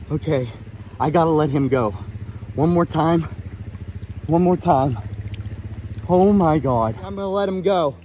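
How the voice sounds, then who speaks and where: A man's voice: fairly high pitch, measured pace, pauses often, dark tone, slight background noise. A man vlogging while fly fishing, out of breath and overwhelmed, talking into a phone while standing in a stream. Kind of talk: emotional outdoor vlog. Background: flowing stream.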